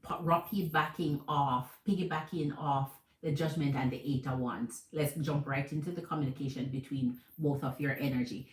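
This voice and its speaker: A woman with a Jamaican accent giving a tarot reading to viewers, animated and repeating herself, calling listeners Queen. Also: low-pitched, normal speed, hardly any pauses. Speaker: tarot reader. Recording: echoey room.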